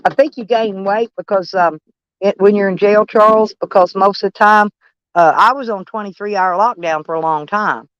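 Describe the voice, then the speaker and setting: A woman's voice: mid-range voice, normal speed, dry recording, muffled recording. A woman chatting with viewers on a livestream, blunt and swearing freely, calling people honey. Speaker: livestream host. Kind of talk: casual livestream chat with viewers.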